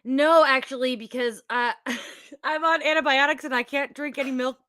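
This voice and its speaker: High bright woman doing a sarcastic recap. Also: steady tone, moderate pace, no echo, studio quality. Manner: breathless, sarcastic, exaggerated play-by-play. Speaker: podcast co-host. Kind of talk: comedic movie recap.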